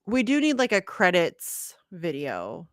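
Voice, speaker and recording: A woman's voice: on the low side, wildly swooping pitch, unhurried, no echo, clean studio sound. A woman hosting a podcast in casual chat, blunt, profane and cynical, laughing often. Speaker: podcast host.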